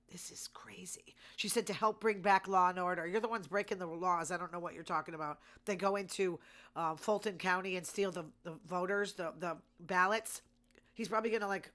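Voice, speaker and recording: A woman talks through the news in a loose, casual commentary. She is indignant and sarcastic and keeps firing off rhetorical questions. Her voice sits at an ordinary middle pitch for a woman. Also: fairly bright tone. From Massachusetts. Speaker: host.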